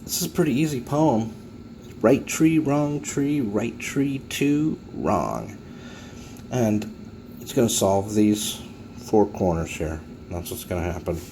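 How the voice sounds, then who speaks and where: A man hosting a casual puzzle tutorial, chatty and animated as he builds a little story to help viewers remember the moves. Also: fairly low pitch, slow, a little hiss or hum.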